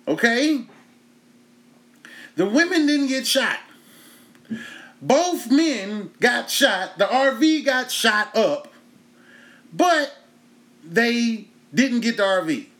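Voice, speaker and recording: With a very high voice, very slow delivery, and long pauses, a man from Texas hosts a comedy show and spins a profane stand-up story. The comedian host tells it animatedly, bursting into laughter along the way.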